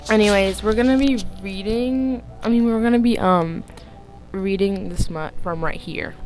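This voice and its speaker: Young woman reading fanfic off her phone, keeps cutting herself off to laugh and comment, soft music in the back. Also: mid-range voice, lively intonation, fairly quick, poor audio. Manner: giggly, rambling, keeps interrupting herself. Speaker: vlogger. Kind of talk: casual fan-fiction read-aloud.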